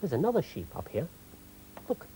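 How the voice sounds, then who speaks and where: A children's television presenter talking slowly and coaxingly to young viewers, making animal noises in a sing-song manner. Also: mid-range voice, huge pitch swings, dark tone, a little hiss or hum, rough recording.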